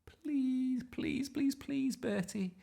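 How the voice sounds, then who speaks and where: A man's voice: very high-pitched, very slow, creaky, warm tone, voice pushed up, heavily acted. Man voicing a fretful, pleading mum. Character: anxious, fussy mother.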